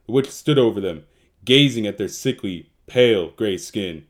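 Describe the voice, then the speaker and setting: A man's voice: lowish voice, expressive, normal speed. Man narrating a slangy fairy-tale parody. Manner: mock-storybook narration peppered with street slang. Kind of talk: comedic parody storytelling.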